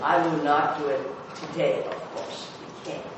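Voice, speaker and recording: Man speaker, slightly high voice, animated halting anecdotes, distant in a very echoey hall. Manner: animated storytelling, halting with fillers and restarts. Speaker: former TV news producer giving a talk. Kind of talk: anecdotal talk to an audience. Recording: echoey hall, voice from far off with noise.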